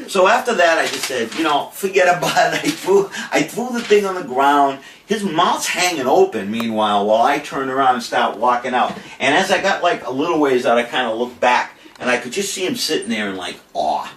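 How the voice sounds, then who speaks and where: An older man, a podcast host, telling a boastful story in a brash, animated way. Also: mid-range voice, normal speed. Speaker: podcast host saying farewell. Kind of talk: casual storytelling monologue. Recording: roomy, distant, faint noise.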